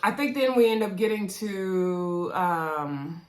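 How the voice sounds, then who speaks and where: A woman recapping a reality show episode in a casual, sassy way, with lively asides to her viewers. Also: lowish voice, slow, roomy sound. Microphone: camera mic.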